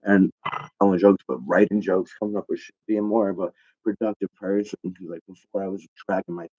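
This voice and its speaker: A man's voice: low voice, flat delivery, fairly quick, warm tone. A young adult male comedian telling a rambling, profane stand-up story, full of fillers. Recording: dull lo-fi recording.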